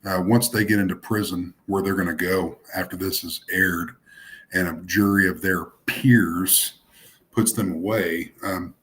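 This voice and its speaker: A man co-hosting a police livestream, ranting with swearing and quick apologies. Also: low-pitched, steady tone, fairly bright tone. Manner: ranting, profane, apologetic asides. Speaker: co-host. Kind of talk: casual livestream chat.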